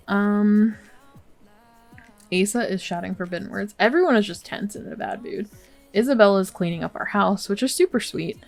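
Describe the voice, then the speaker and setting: A woman's voice: medium pitch, normal speed, gravelly, faint music behind. A woman hosting a game let's play, commenting casually and sympathetically, with many fillers.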